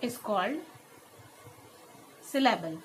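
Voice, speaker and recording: A woman teacher with an Indian English accent, giving a classroom lesson in English and Hindi, explaining step by step and repeating each example word slowly. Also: mid-range voice, lively intonation, slight background noise, rough recording. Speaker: school teacher. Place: school.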